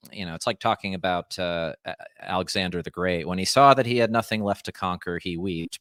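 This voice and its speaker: A man's voice: deep voice, fairly bright tone, no room sound, clean studio sound. A man in casual conversation, talking in a rambling, thoughtful way with fillers and restarts, and he is a parent. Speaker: podcast guest.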